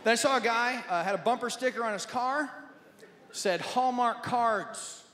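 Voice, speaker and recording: A man from Nebraska doing stand-up comedy, telling wry, animated stories. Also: extremely high pitch, normal speed, a little hiss or hum. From Nebraska, USA. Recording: echoey hall, loud audience.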